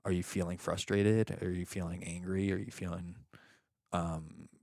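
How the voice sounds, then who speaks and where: A man's voice: deep voice, normal speed, gravelly, dry recording, studio quality. A man who is a father of young children, coaching a client and explaining each step patiently on a podcast. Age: young adult or middle-aged, a father of young kids. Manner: explaining in a steady teaching way, often acting out example questions. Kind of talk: coaching session chat.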